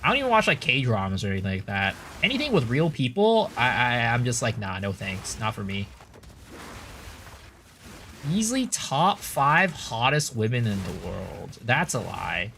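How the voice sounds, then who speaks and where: A man's voice: mid-range voice, big pitch swings, normal speed, vocal fry, few pauses, bright, forceful tone, a little hiss or hum. An American man streaming, chatting casually, rambling through restarts and answering chat. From United States.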